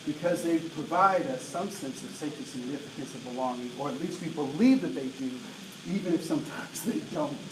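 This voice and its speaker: A man in his late forties giving an energetic diversity talk to an audience, often asking "right?" to check in with them. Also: on the high side, fairly quick. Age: 40s. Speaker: diversity trainer. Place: large room with an audience. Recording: roomy echo, voice from a distance, faint noise.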